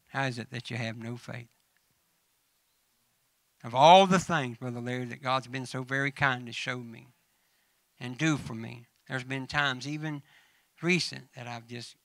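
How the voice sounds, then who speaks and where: A man's voice: medium pitch, steady tone, normal speed, fairly bright tone, no room sound. A man with a Southern American accent preaching a folksy sermon, telling funny stories and addressing church members by name. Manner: humorous storytelling mixed with scripture reading.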